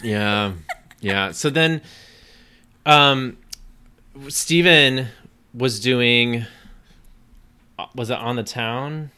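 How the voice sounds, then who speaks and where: Bright-toned man in casual chat. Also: medium pitch, very slow, pauses often, clean tone. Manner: chatty, prompts stories from others.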